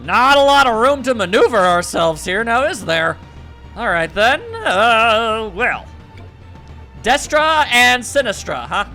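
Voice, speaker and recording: A man's voice: extremely high pitch, big pitch swings, slow pace, pushed and bright. A man giving casual, wry commentary over a game while reading its dialogue aloud. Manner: wry, chatty, reads out the game's dialogue. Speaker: let's play commentator. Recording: faint game music behind the voice.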